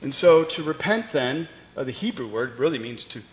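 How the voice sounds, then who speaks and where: A pastor's expressive, mid-range voice moves at normal speed as he explains the text of his sermon. His delivery is conversational, with fillers and restarts, captured with long reverb and faint ambient noise.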